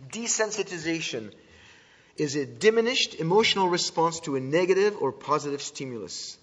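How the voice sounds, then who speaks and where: A man with a somewhat raised pitch delivers an earnest talk to an audience, stumbling over restarts and filler sounds as he goes. The sound is dull and lo-fi, and a long reverb trails each phrase. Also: animated, moderate pace. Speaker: speaker teaching about antisemitism.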